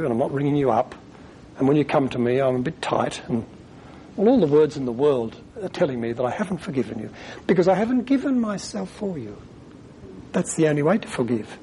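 A man preaches a sermon, his voice slightly high for a man yet mellow in tone. He talks earnestly, with pauses, and sometimes acts out the lines he quotes. A faint noise hums behind him.

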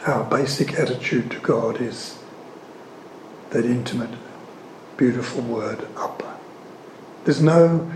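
An earnest male preacher teaches on scripture in a measured voice of ordinary pitch, pressing on key words and pausing between phrases. His voice rings around a roomy, echoing space. A faint hum of ambience sits underneath. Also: darkish tone. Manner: earnest and emphatic, leaning hard on key words, pausing often. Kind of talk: sermon-style teaching talk. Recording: echoey room.

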